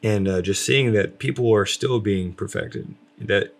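A man's voice: on the low side, unhurried, vocal fry. A man talking casually about faith with his wife, rambling with lots of fillers and restarts. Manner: rambling, many fillers, self-described loud.

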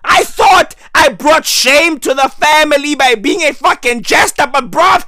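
A hoarse man losing his voice, delivering a loud, slangy comic rant that often breaks into shouting. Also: very high-pitched, a little slow, hardly any pauses, dry recording, clean studio sound.

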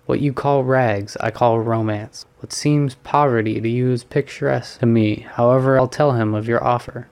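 A man's voice: medium pitch, fairly even intonation, normal speed, creaky, few pauses, darkish tone, clean tone, natural voice. A man reading a storybook, voicing a cheerful, worldly male painter who teases his friend. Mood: amused. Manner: teasing, amused. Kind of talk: audiobook reading.

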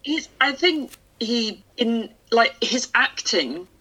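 Bright-voiced woman musing on a film. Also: on the high side, animated, slow, husky, rough recording. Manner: thoughtful, restarts her phrases. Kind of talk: casual chat about a film.

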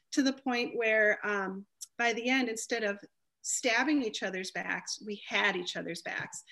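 As a guest in a casual interview, a woman with a slightly high voice tells her story with animated energy, acting out the voices of other people.

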